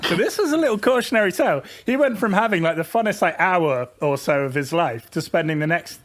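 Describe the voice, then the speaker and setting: A man's voice: high voice, lively intonation, a bit bright. A young man co-hosting a podcast in casual chat, laughing and restarting his sentences often. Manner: laughing, halting, with many restarts. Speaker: podcast co-host.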